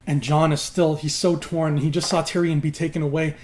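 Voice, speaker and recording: A man casually retelling a TV plot to his viewers, animated and swearing freely as he goes. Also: fairly high pitch, brisk. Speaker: YouTube host.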